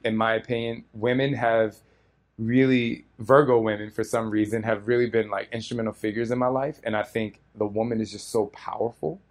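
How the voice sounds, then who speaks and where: Earnest, rambling man at a Q&A. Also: on the low side. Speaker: featured guest answering audience questions. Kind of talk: heartfelt live Q&A talk.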